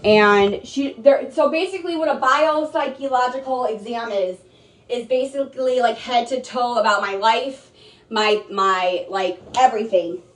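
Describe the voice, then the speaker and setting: A woman's voice: a little high, a little slow. A young adult woman livestreaming from home, rambling, defensive and repetitive. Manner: rambling, repeating herself, defensive. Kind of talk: emotional livestream rant. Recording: echoey room, mic held off at a distance.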